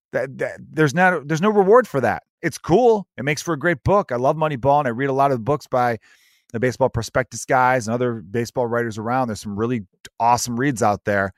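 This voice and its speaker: Male solo podcast host, mid-pitched voice, rambling and opinionated, dry close sound. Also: no room sound. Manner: rambling, animated and opinionated, with mock quotes of others. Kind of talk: solo sports podcast monologue.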